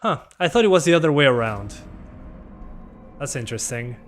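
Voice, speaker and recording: A man whose first language is Spanish, streaming a game in English, rambling in a relaxed, self-deprecating way and reading his chat aloud. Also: mid-range voice, fairly quick, over music. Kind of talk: casual gameplay chat.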